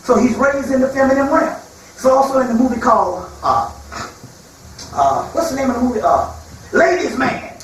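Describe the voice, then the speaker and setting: A man's voice: very high-pitched, expressive, normal speed. Male lecturer, colloquial storyteller who acts out his quotes; very echoey room, faint background hiss. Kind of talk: spiritual lecture to a live audience. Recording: echoey hall from far off, faint noise.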